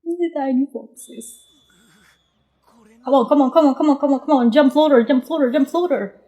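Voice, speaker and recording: A woman doing live reaction commentary on an anime episode as a vlogger, excitable, with frequent exclamations and laughter, dropping into quiet murmured asides. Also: high voice, moderate pace.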